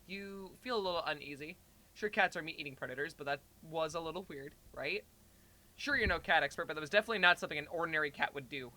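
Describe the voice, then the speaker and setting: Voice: mid-range voice, fast, pushed and bright. Playful streamer reading a story, strained throat. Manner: playful, breaks off from the story to baby-talk a pet cat. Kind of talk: reading a second-person story aloud on a livestream. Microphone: headphones and desk mic.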